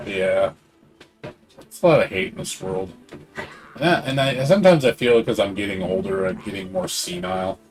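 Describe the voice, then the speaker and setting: A man's voice: on the low side, animated, moderate pace, soft background music. A middle-aged man streaming a game, rambling in casual chat and swearing freely. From Hispanic background.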